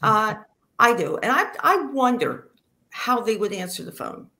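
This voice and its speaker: A woman works through a stand-up set of dry one-liners, leaving pauses for the jokes to land. Her voice sits at a middle pitch. She is recorded over a video call. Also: very animated, gravelly, sharp tone. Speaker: stand-up comedian. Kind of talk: stand-up comedy routine.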